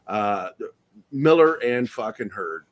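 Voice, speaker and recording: A man's voice: on the low side, lively intonation, takes it slowly. A man talking as a guest on a casual podcast, heated and rambling, swearing often and restarting his sentences. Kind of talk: casual movie-review chat.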